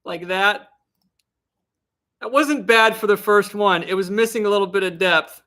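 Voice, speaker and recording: A man's voice: sits high, a little slow, sharp tone. A young man chatting casually on a live stream, rambling and restarting his sentences, with frequent laughs. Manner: rambling, self-interrupting, giggly.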